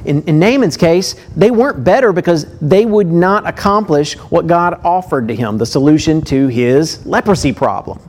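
A man preaching a sermon. He reads scripture aloud with lively emphasis and breaks off into chatty asides to his listeners. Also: on the high side, normal speed, few pauses.

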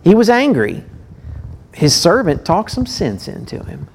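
A man preaching a sermon. He reads scripture aloud with lively emphasis and breaks off into chatty asides to his listeners. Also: high voice, a little slow.

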